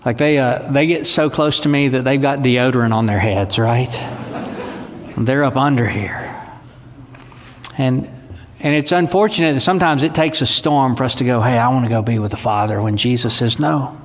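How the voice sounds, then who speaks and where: A man's voice: mid-range voice, normal speed. A man, preaching a sermon in a conversational, folksy way. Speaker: pastor. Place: church sanctuary. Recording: long hall reverb.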